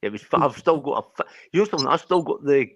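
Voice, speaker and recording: Animated swearing Scottish man. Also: fairly high pitch, fast, a little hiss or hum. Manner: animated, laughing, profane storytelling. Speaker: co-host of a live stream. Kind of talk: casual banter with heavy swearing.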